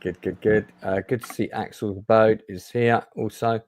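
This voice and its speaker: A man's voice: lowish voice, steady tone, moderate pace, a little mellow. A man hosting a casual livestream chat show, talking chattily with many fillers and restarts. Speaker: host.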